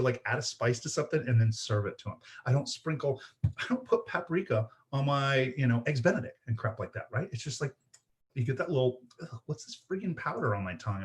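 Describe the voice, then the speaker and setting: Chatty man explaining while he cooks. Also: mid-range voice. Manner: chatty, explains step by step, often asks "right?" and "okay?". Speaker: cooking show host. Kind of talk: live-streamed cooking demonstration. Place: home kitchen.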